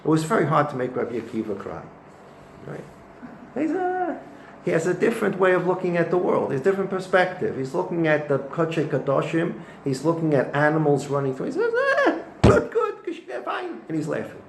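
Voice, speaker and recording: Rabbi guy giving a torah class, tells it lively, echoey room with faint hiss behind. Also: a little high, a little fast, vocal fry. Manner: animated storytelling with Hebrew and Yiddish terms. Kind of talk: weekly Torah lesson.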